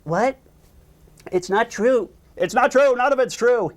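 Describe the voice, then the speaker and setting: A man's voice: mid-range voice, expressive, normal speed, close to an everyday voice. A man voicing a grumpy grown male cartoon squid who tells a spooky story and then brushes it off as a joke. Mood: dismissive.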